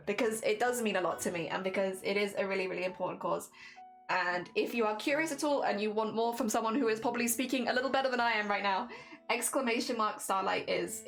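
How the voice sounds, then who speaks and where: A woman's voice: mid-range voice, a bit bright. A young woman streaming a charity fundraiser, talking earnestly and a little tearfully, often restarting her sentences. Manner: earnest, emotional, halting with restarts. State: teary. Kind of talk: casual charity livestream chat.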